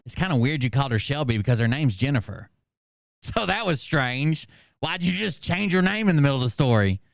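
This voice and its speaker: A man's voice: mid-range voice, fairly quick, vocal fry, dry recording, clean studio sound. Sarcastic man mocking a clip. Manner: sarcastic, deadpan, crude jokes. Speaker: commentary host. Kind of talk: mocking commentary.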